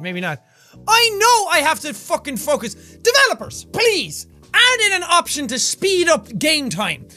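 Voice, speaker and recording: A bright-voiced young Irish man riffing over his gameplay at a desk mic. His voice sits high and swings all over the place as he jokes, swears and bickers with the characters, with a little music faint underneath. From Ireland. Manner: excitable, jokey and profane, talking to the game. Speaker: gaming YouTuber. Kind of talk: let's play commentary.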